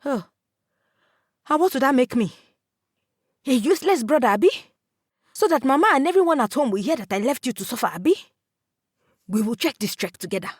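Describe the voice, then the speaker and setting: A woman's voice: high voice, animated, fairly quick, pauses often, husky, no room sound, clean studio sound, pitched above the performer's own voice. A woman voicing an angry, hot-tempered young man, a big brother who scolds and stutters when upset. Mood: scornful.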